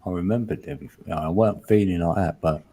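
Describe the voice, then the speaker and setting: Low husky man, laid-back. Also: fast, warm tone. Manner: laid-back, laughs often. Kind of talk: casual chat.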